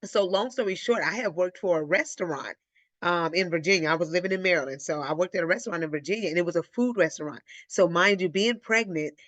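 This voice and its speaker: Woman hosting a live q&a, chatty and animated, calls folks y'all, acts out the voices in her story, dry close sound. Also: fairly low pitch, quick pace, no echo. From Illinois. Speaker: host of a live Q&A. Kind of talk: casual personal storytelling.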